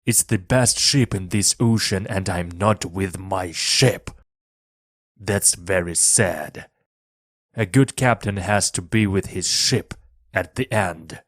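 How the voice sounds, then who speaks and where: A man's voice: low voice, slow pace, dry recording, studio quality. A man voicing an obsessed, commanding old sea captain in a storybook reading, giving stern, barked orders. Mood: grim.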